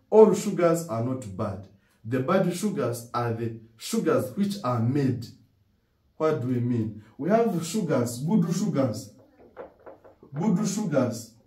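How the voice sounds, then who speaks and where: A man with a Ugandan English accent lectures in a slow, mellow voice, often posing questions and answering them himself. His pitch sits a little on the high side. He is recorded from a distance in an echoey room. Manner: repeats key words with emphasis. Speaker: dental lecturer. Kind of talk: classroom lecture. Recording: roomy echo, distant from mic.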